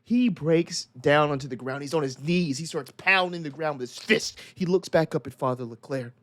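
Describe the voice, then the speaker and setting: Male game master, slightly higher voice, steady descriptive narration. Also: normal speed. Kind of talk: narrating a tabletop horror game.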